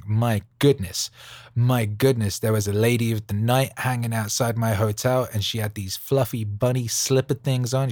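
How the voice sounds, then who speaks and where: A man hosting a podcast, rambling casually in an animated, jokey way full of slang. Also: fairly low pitch, no room sound, studio quality. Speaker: podcast host. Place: Los Angeles studio.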